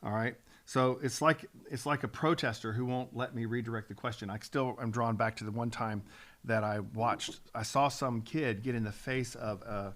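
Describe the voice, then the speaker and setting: A man's voice: medium pitch, fairly even intonation, normal speed, a bit bright. A man, a pastor, teaching from the Bible on a talk show, earnest and building up steam, often restarting his sentences.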